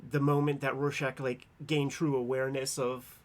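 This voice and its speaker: A man's voice: mid-range voice, flat delivery, normal speed. A man co-hosting a casual chat about a comic, enthusiastic and laughing often, with many fillers like "like" and "man.". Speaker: co-host.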